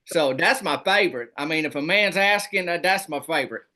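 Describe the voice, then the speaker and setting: A man, a comedy guest telling boastful tall tales in a deadpan rural persona. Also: fairly high pitch, fairly quick. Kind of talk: comic storytelling in a rural persona.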